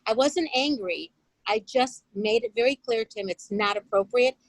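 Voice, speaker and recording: A woman on a video call telling a personal story to a discussion group in an animated way. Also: a little high, normal speed, dry recording, low-quality recording. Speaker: course participant.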